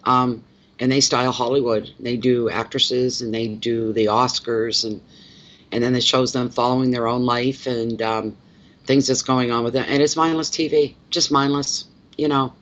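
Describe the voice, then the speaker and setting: A man from Canada hosts a relaxed live stream as a tarot reader, chatting with viewers and greeting them one by one. He rambles and often repeats his words. The audio is a little muffled and lo-fi. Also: medium pitch, normal speed. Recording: slightly dull lo-fi audio.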